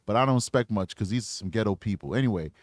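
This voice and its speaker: A man's voice: lowish voice, animated, fast, no echo, studio quality. A man hosting a true crime channel, commenting bluntly in slangy casual talk while reading posts aloud.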